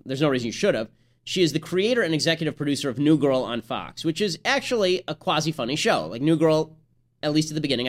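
A young man hosting a podcast, delivering a sarcastic, rapid-fire political commentary monologue. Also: mid-range voice. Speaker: podcast host.

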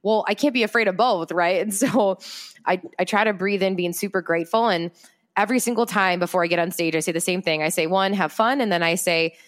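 Lower-pitched, candid woman guest. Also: brisk. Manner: candid, expressive, laughs often. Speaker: entrepreneur and public speaker, guest. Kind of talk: casual podcast conversation.

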